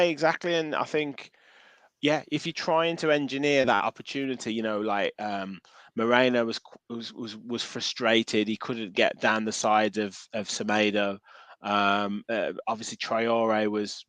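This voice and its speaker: A man's voice: fairly low pitch, a little slow, no room sound. A man co-hosting a football podcast, chatting casually and often restarting his sentences. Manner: animated, restarts phrases, reads out viewer comments. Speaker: podcast co-host.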